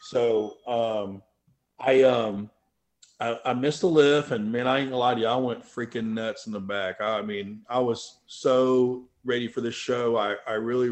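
Guy telling a story, swears a lot, goes from mumbling low to shouting. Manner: animated, profane, swings from low mutters to loud outbursts. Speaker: guest. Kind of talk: casual storytelling.

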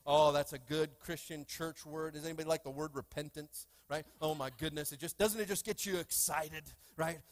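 A man with a slightly high voice preaching a lively sermon in a church. He keeps calling out to the congregation and breaking into playful, joking asides. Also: moderate pace, hardly any pauses. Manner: energetic call-and-response preaching, playful asides. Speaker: pastor. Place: church sanctuary.

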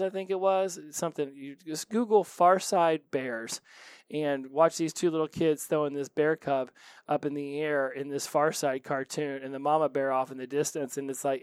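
A man hosting a solo self-help podcast, telling stories in a chatty, animated way. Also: on the high side, clear, resonant tone, no echo. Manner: chatty, animated storytelling with laughs. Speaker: podcast host.

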